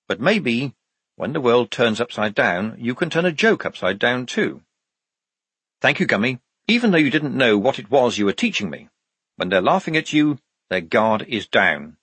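A man narrating an audiobook in an expressive storytelling manner. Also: medium pitch, husky, no room sound.

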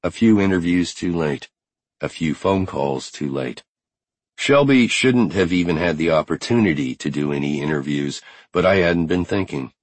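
A man narrating a first-person audiobook in a measured, unhurried way. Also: deep voice, no echo.

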